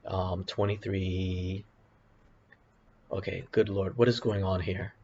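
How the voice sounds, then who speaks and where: A man's voice: low-pitched, level tone, takes it slowly, dark tone. A man hosting a casual options trading video, talking through charts in a rambling, self-correcting way with apologetic asides. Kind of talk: casual screen-share commentary. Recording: dull lo-fi sound with faint background hiss.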